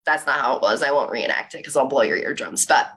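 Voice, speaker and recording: A young woman giving a motivational talk, telling a personal story in an animated way with lots of "like". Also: a bass voice, fast talker. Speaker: speaker.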